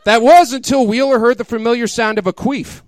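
A man's voice: extremely high pitch, steady tone, fairly quick, no echo. A man giving a mock-dramatic comic reading of crude fiction, often laughing and breaking into incredulous asides. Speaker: comedic reader.

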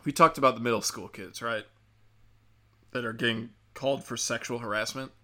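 Brief: male host, sharp bright tone, profane sarcastic rant. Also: mid-range voice, steady tone, a little fast. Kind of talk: ranting commentary.

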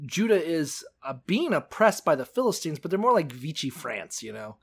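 An animated man with a gravelly edge in a relaxed chat. His voice sits a little high and swings widely in pitch as he tells stories. He laughs and swears freely. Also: normal speed. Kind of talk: casual chat.

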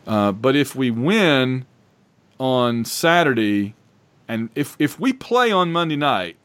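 Rambling, excitable male podcast host. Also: medium pitch, slow pace, smooth. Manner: rambling, excitable, self-interrupting. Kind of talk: casual sports chat.

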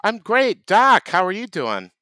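Deadpan man, smooth dry voice. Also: high voice, unhurried, no room sound. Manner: deadpan, playing a food vendor. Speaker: comedy podcast host. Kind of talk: improvised comedy sketch.

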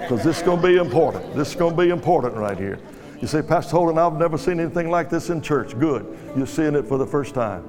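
An expressive male guest pastor, voice a little high and mellow, talks quickly as he preaches and drives the congregation with repeated commands. The recording comes from a live, echoing church hall with music and worshippers in the background.

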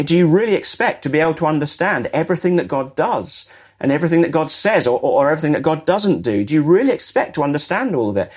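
Husky man preaching conversationally. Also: mid-range voice. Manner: conversational, animated, acts out dialogue. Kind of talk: sermon.

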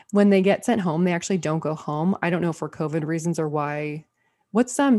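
Woman, podcast co-host, casual rambling chat, lots of fillers, lowish voice. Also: darkish tone. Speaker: podcast co-host reviewing TV shows.

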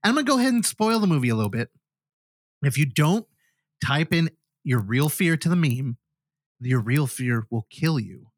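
A man's voice: on the high side, big pitch swings, normal speed, pauses often, no echo, clean studio sound. A man co-hosting a podcast, casually reviewing a horror film and animatedly acting out the characters' lines as he retells it. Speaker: podcast co-host.

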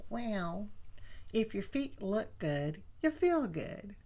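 A woman voicing her elderly mother, speaking slowly and soothingly in a slightly raised voice. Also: mid-range voice, big pitch swings, creaky, mellow, voice pushed up, exaggerated voice. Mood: matter-of-fact. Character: gentle elderly mother, kind and reassuring.

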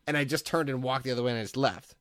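A man's voice: medium pitch, very fast, dry recording, clean studio sound. A man in his thirties co-hosting a podcast, telling a rambling story in casual chat, full of "like" fillers. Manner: rambling, animated, many "like" fillers. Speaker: podcast co-host.

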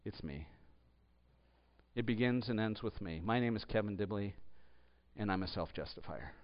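A man preaching a sermon as pastor, swinging between loud emphatic bursts and hushed low asides. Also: lively intonation, normal speed. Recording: dull echoey hall.

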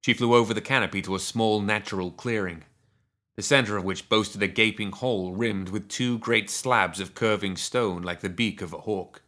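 Male audiobook narrator with a somewhat low voice; steady, measured reading of a dark western fantasy.

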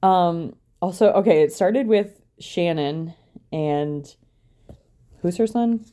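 A woman's voice: on the low side, takes it slowly, warm tone. A young woman co-hosting a podcast, recapping a reality show in a wry, chatty way and laughing often. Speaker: podcast co-host.

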